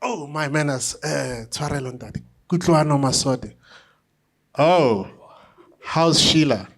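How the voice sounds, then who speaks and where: A middle-aged man, an author and conductor, telling an anecdote at a book talk with lively, self-deprecating humor. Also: a little high, slow. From South Africa. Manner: animated anecdotal storytelling with self-deprecating laughs.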